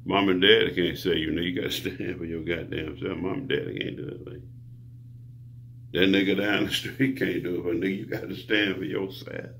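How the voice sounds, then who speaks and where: Deep gravelly man preaching profanely. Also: fairly even intonation, brisk, fairly bright tone, slight background noise. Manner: profane, grandiose, lecturing the viewer. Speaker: self-styled preacher. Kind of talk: rambling preaching monologue.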